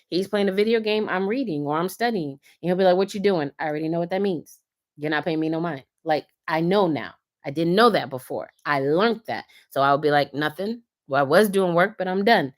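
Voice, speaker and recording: A woman in her thirties or forties, hosting a casual live stream and giving earnest, preachy advice drawn from her own life. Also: on the low side. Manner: earnest, preachy, tells personal stories. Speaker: host of a faith-based live stream.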